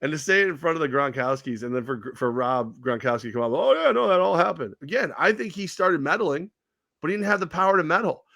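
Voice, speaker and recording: A man's voice: a little high, fast, no room sound, studio quality. A man co-hosting a casual sports podcast, telling rambling stories full of acted-out quotes and cursing. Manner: animated storyteller acting out quoted people, swears freely. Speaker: podcast co-host.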